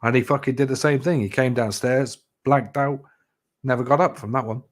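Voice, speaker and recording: A man's voice: mid-range voice, fairly even intonation, moderate pace. A man telling stories in a casual chat, rambling and swearing freely with lots of "you know". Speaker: live chat host.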